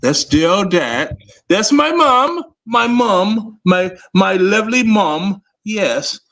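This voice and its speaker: A man's voice: sits high, big pitch swings, takes it slowly, fairly bright tone. A man joking around as a guest on a livestream, stumbling and repeating words. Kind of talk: casual banter on a livestream.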